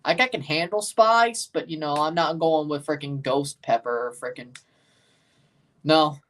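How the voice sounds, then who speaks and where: Speaking in a fairly high, fairly bright voice at an unhurried pace, this man from Mississippi has a Southern US accent. He's hosting a casual livestream watchalong, chatting easily and answering viewers' comments.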